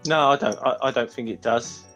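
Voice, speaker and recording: A man joking around on an online chat panel, his voice bright and mid-pitched. He stumbles into quick restarts, with faint music behind. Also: fairly even intonation. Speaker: panel guest.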